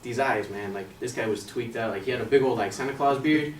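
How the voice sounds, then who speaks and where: A young man telling a personal story on stage in a casual, animated, slangy way. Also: mid-range voice, fast talker, far from the mic. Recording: roomy hall from afar, faint noise.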